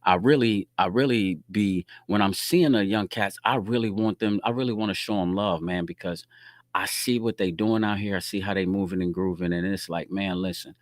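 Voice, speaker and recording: A middle-aged man hosting a show, telling a street story in a casual, slangy rant that swings from low muttering to loud laughing outbursts. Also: normal speed, no room sound, clean studio sound. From Quad Cities, US Midwest.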